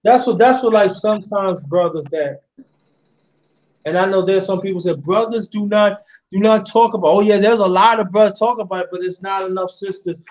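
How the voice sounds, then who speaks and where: Very high-voiced impassioned male host. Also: brisk, darkish tone. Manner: preachy, repeats himself, addresses listeners directly. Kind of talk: impassioned casual chat.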